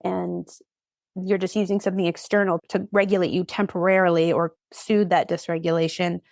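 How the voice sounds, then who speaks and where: Energetic woman therapist, dry sound. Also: lowish voice, gravelly, no echo. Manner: energetic, emphatic, quick bursts with pauses. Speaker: ADHD therapist and coach, guest. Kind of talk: podcast interview.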